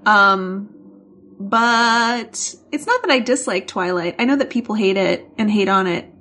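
A woman co-hosting a casual podcast, playful and quick to laugh, with a touch of vocal fry. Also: mid-range voice, expressive, sharp tone, slight background noise. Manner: playful, laughs often, slight vocal fry by her own account. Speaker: podcast co-host. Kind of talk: casual chat.

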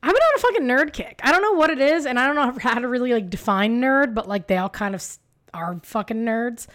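A woman co-hosting a podcast, telling a story in casual chat, animated and swearing freely with lots of fillers. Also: a little high, a little fast. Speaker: podcast co-host.

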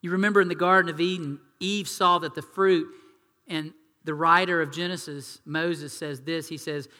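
A man preaching a sermon, animated and acting out quoted voices in hushed tones. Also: on the high side, moderate pace, big-room sound. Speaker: pastor.

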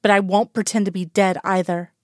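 A woman's voice: mid-range voice, fairly even intonation, brisk, darkish tone, dry recording, clean studio sound, lightly acted. A woman reading the part of a seriously ill doctor, tired and guarded, answering in short clipped lines. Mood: weary.

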